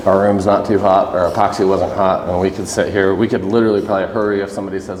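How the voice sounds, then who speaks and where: A man's voice: sits low, steady tone, racing, hardly any pauses. Joking man in an echoey room. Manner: joking, self-deprecating, chatty. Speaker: host and epoxy instructor. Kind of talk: casual workshop demonstration. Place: indoor workshop room. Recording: echoey hall-like room, faint background noise.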